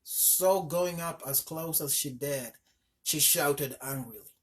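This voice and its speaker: A man reading a folk tale aloud in a fairly high voice. His delivery is steady scripted narration, with small slips here and there. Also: takes it slowly. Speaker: storyteller.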